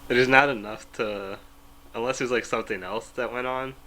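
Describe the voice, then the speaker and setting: A man's voice: mid-range voice, steady tone, normal speed, bright, forceful tone, rough recording. A man co-hosting a podcast, laid-back, giving short replies. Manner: laid-back, brief answers, laughs often. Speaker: podcast co-host. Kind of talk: casual chat.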